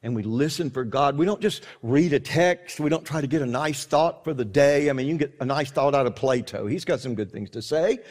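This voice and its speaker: A man's voice: mid-range voice, fairly quick, few pauses, darkish tone. A man preaching a sermon in an earnest, conversational way, often restarting his sentences.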